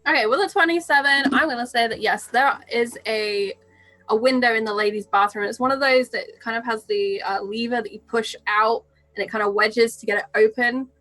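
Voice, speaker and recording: A woman narrating a tabletop role-playing game as game master, setting scenes in an unhurried, descriptive way. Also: on the high side, a bit bright, poor audio.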